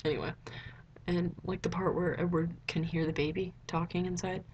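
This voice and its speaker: A young woman chatting casually in a rambling vlog review, filling her talk with "like" and jumping up in pitch when excited. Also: moderate pace, highs cut off, a little hiss or hum. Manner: chatty, rambling, heavy use of "like". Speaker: vlogger. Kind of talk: casual movie review chat.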